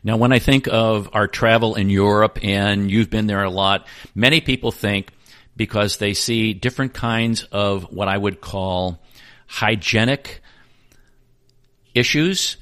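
Lower-voiced American man leading a podcast. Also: a little slow, a bit bright. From United States. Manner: conversational, sets up topics with questions. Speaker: travel podcast co-host. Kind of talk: casual podcast chat.

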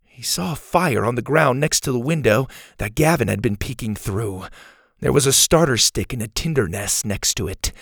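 Gravelly man narrating a kids' story. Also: mid-range voice, animated, normal speed, a bit bright, no echo, clean studio sound. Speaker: storyteller and podcast host.

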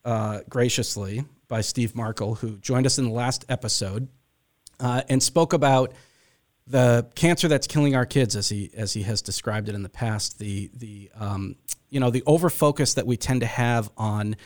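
A man's voice: mid-range voice, normal speed, darkish tone. A man hosting a faith podcast, talking casually with many fillers and restarts. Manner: rambling with frequent fillers. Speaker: podcast host.

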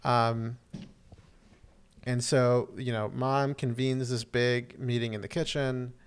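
A man's voice: medium pitch, flat delivery, slow, clean tone. Rambling man recapping a show. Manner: rambling, many "um"s and restarts, acts out quotes. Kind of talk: casual chat recapping a TV episode.

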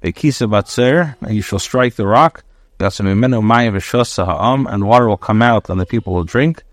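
Rabbi, low voice, Ashkenazi Hebrew reading, phrase-by-phrase translation, dry close sound. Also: male voice, normal speed, dry recording. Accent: Hebrew in traditional Ashkenazi pronunciation. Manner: reads each phrase, then translates it in short bursts. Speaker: rabbi teaching Torah with commentary. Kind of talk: daily Bible lesson, reading verse then translating.

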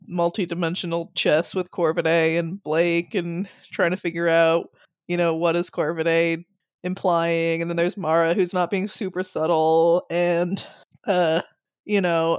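A woman co-hosting a podcast chats casually about a book in a lowish, smooth voice with little pitch movement and a measured pace, with no echo around her. She laughs often and acts out the characters' lines.

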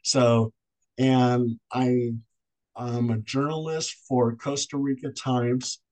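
Male podcast guest, paranormal investigator, animated storyteller who does the voices, mid-pitched. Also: slow, rough recording.

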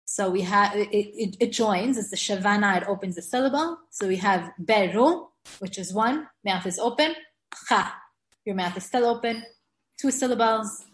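A woman teaching a relaxed grammar class, chatty and quick to laugh. She slows down to sound out example words one syllable at a time. Her mid-pitched voice rings a little in an echoey room. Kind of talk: informal classroom lesson.

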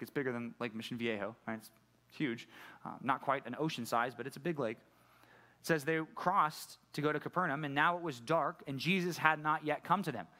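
A middle-aged pastor giving a conversational sermon, often putting questions to the congregation. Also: male voice, fairly high pitch, bright, forceful tone. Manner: conversational preaching, asks the audience questions.

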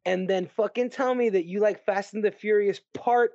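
A man co-hosting a podcast, chatting casually about movies in an animated, ranting way and swearing freely. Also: high-pitched, moderate pace, no echo. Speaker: podcast co-host. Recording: dry, dull lo-fi sound.

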